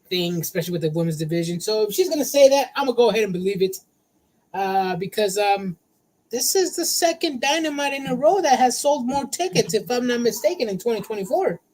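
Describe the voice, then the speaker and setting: A man co-hosting a casual wrestling talk show, excitable and slangy, calling his partner bro. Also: sits high, low-quality recording. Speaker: podcast co-host.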